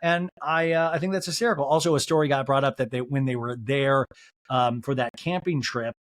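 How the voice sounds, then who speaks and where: A man hosting a podcast, recapping a reality show in a chatty, animated way, swearing and mimicking people's lines. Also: mid-range voice, fairly quick. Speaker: podcast host. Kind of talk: casual solo recap.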